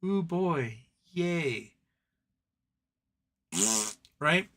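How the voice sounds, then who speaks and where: A man's voice: a little high, lively intonation, unhurried, pushed and bright. A man hosting a casual live stream, ranting animatedly and mocking other people's voices as he quotes them.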